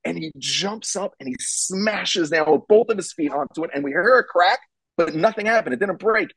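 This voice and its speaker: A man's voice: sits high, animated, normal speed, fairly bright tone, breathy edge, dry recording, poor audio. A middle-aged man giving parenting advice as a guest, telling a story emphatically and repeating his key points.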